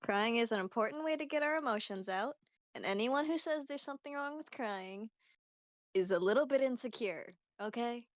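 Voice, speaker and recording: A woman voicing a kind, motherly woman who reassures gently. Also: fairly high pitch, expressive, normal speed, no echo, voice pushed up, natural voice. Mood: reassuring. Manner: warm comforting coaxing.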